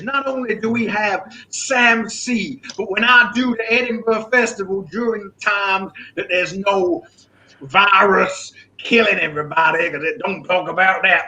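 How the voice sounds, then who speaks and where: A man's voice: sits high, sharp tone, poor audio. A man co-hosting a comedy show over a video call, brash and swearing in mock-outraged banter. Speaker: guest host.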